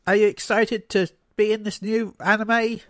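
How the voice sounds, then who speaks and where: High-voiced man hosting a casual podcast. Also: little pitch movement, normal speed, a bit bright, dry recording. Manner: rambling, joking, loose. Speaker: podcast host. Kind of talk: casual chat.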